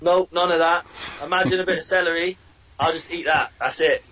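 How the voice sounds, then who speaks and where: A man's voice: on the high side, steady tone, brisk, pushed and bright, rough recording. A man from Cornwall, a boxer guesting on a podcast, cheerful and upbeat in casual chat. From Cornwall, England.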